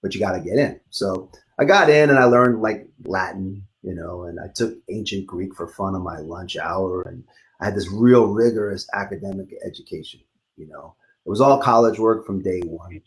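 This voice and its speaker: A man's voice: low-pitched, moderate pace. A middle-aged man from Queens with a faded New York accent, a guest musician chatting casually and telling stories with frequent laughs. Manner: chatty storyteller, laughs often. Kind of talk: casual conversation.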